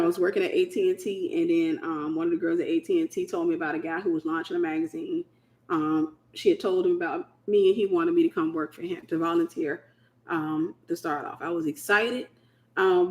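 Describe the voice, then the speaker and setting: A woman's voice: lowish voice, a little fast, darkish tone. A woman from the United States hosting a casual Christian teaching talk, speaking in an emphatic, colloquial way and repeating her key phrases. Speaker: host.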